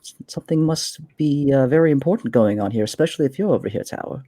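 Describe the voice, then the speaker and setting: A man's voice: medium pitch, animated, quick pace, mellow, no room sound, natural voice. A man voicing a gracious, composed woman who runs a bar and fondly calls people "my dear". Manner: addresses others fondly as "my dear".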